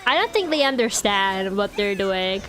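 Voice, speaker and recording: A woman's voice: medium pitch, very animated, moderate pace, a bit bright. A young woman streaming a game, chatting casually and ranting with lots of "like"s. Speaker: VTuber streamer. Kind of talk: casual live-stream chat while gaming.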